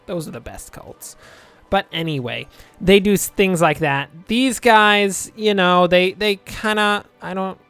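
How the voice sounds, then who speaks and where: A man's voice: high voice, measured pace, hardly any pauses, fairly bright tone, smooth, no echo, soft background music. A young man casually commentating his gameplay, rambling and joking, muttering asides to himself at a home desk microphone. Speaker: let's play host.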